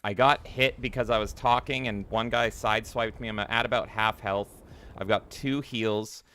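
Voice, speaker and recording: A man's voice: lowish voice, steady tone, normal speed, pushed and bright, slight background noise. A man streaming a video game, giving rambling, casual commentary with frequent swearing and jokes. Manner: rambling, swears freely, jokey.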